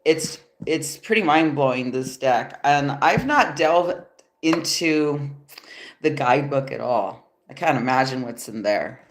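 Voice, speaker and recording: Slow, low-voiced woman reading tarot. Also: expressive. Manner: laid-back, loose, swears casually, chuckles often. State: nasal from allergies. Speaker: tarot reader. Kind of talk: casual livestream tarot reading. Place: home after yoga. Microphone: phone.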